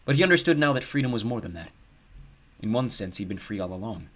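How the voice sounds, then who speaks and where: A male audiobook narrator with a low voice that still moves a lot in pitch. He reads in a steady, measured way and gives the scenes a lively shape.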